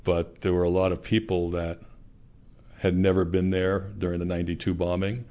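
A man being interviewed, recounting a personal experience in a measured, reflective way. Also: sits low, monotone, dark tone.

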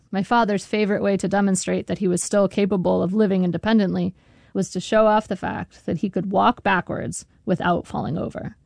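A woman's voice: mid-range voice, creaky, darkish tone, dry recording. A woman narrating her memoir as a scripted audiobook, with a dry, wry storytelling manner. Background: faint guitar music.

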